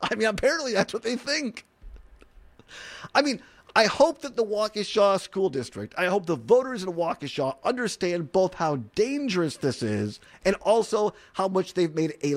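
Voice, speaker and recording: A man hosting an opinionated talk radio show from a studio, animated and mocking, laughing often. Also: high-pitched, moderate pace.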